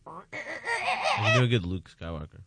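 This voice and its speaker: A man's voice: sits low, wildly swooping pitch, moderate pace, vocal fry, very noisy. A man in a casual chat with friends, eagerly offering to do impressions.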